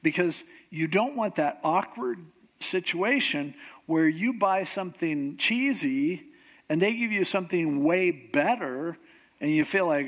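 A middle-aged male pastor with a high, bright voice that swoops up and down as he preaches. He tells stories with humor and acts out every voice he quotes, jumping between characters with ease. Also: animated, measured pace. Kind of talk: humorous sermon.

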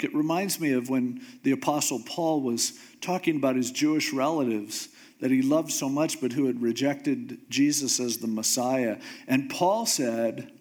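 A man's voice: medium pitch, animated, normal speed. A male pastor delivering a sermon as casual, joking storytelling.

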